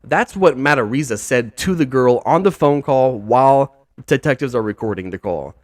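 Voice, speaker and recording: A podcast host with a mid-range voice rambles loosely at a moderate pace, piling on filler and slang like "like", "dude" and "bro". Animated, he sounds incredulous and exasperated, and the recording is close and dry with no room sound.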